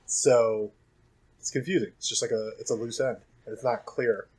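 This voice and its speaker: A man's voice: mid-range voice, fairly even intonation, moderate pace, darkish tone, slightly rough, rough recording. A young man co-hosting a podcast, talking casually and thinking aloud about films. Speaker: podcast co-host. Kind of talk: casual film discussion.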